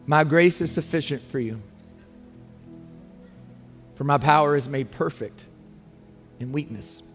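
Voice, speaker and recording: Pastor guy preaching, earnest and pleading, slightly high voice, long echo in the church, soft music behind. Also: measured pace. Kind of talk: sermon. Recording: long reverb, faint music underneath.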